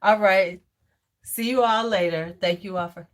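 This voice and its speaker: A woman's voice: mid-range voice, unhurried. Blunt, joking woman livestreaming from home. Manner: blunt, joking, swears freely; coos and fusses over a toddler. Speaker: livestream host. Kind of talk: casual live chat with viewers.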